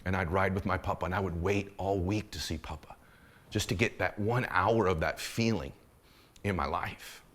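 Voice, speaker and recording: A middle-aged man giving a motivational speech, impassioned and swinging between urgent and hushed, intimate moments. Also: sits low, normal speed. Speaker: motivational speaker.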